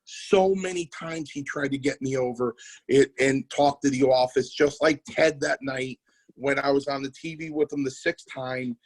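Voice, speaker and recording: A man's voice: medium pitch, normal speed, rough recording. A man telling wrestling stories in casual podcast chat, acting out the people he quotes. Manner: animated storyteller, acts out quotes. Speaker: wrestling promoter and former wrestler.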